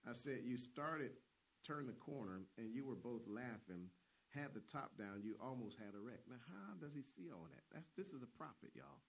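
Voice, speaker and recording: A man's voice: mid-range voice, expressive, normal speed, creaky, breathy edge. A man preaching a sermon with fervent emphasis, often repeating words as he restarts and punctuating lines with amens.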